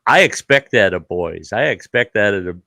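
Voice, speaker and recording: A man's voice: on the low side, normal speed, vocal fry, no echo. A middle-aged man hosting a casual chat, telling a story with lots of swearing and acted-out voices. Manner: animated, swearing, acts out voices in his stories. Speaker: host.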